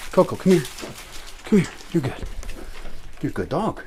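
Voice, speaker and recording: A man in a casual home vlog, talking to his dogs, coaxing them and calling them loudly at times. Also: fairly high pitch, very animated, normal speed, a little hiss or hum. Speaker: vlogger.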